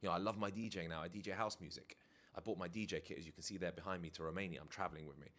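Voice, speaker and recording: Speaking very fast in a deep, steady voice that's a bit bright, a dating and life coach gives a candid confessional to camera. He sits indoors before DJ kit, frank and reflective, casually swearing at times.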